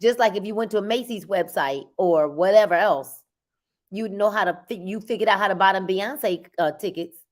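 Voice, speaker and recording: A woman hosting a casual group chat, lively and laughing. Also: mid-range voice, moderate pace.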